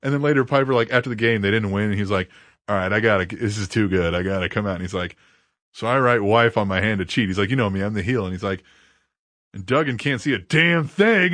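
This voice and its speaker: A man's voice: lowish voice, fast, fairly bright tone, no echo. A man co-hosting a casual podcast, crude and laughing as he tells stories and reads listener tweets aloud. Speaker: podcast co-host.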